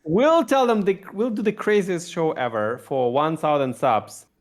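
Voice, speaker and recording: Co-hosting a relaxed podcast about tech, a Russian-accented man speaks with energy, often repeating words and starting sentences over. He has a fairly high pitch and a measured pace.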